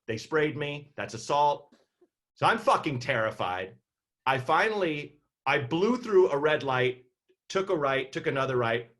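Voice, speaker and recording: A comedian telling a long rambling story over a video call, animated and full of fillers. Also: male voice, mid-range voice. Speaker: comedian guest.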